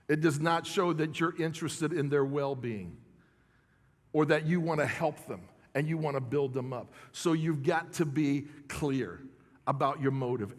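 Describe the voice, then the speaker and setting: A man's voice: fairly high pitch, big-room sound. A middle-aged male pastor delivering a sermon in a conversational style, often checking in with his congregation. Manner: conversational preaching with audience check-ins. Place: church sanctuary.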